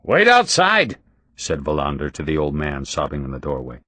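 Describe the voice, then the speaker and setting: A man narrating an audiobook in a steady, expressive reading. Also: a bass voice, brisk, no room sound. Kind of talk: audiobook narration of a crime novel.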